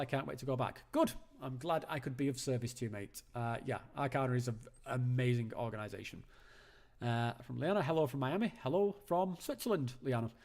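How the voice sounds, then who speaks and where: A man's voice: medium pitch, vocal fry, darkish tone. Rambling man hosting a call-in. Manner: rambling, chatty, many fillers and restarts. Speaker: host of a live call-in show. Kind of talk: casual live-stream chat.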